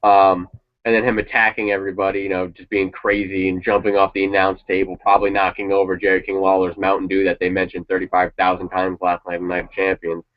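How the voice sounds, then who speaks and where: A man's voice: deep voice, completely flat delivery, fast talker. A man chatting casually and swearing now and then as he reacts to a wrestling show. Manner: rambling, opinionated, swears casually. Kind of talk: casual chat. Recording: dull lo-fi sound.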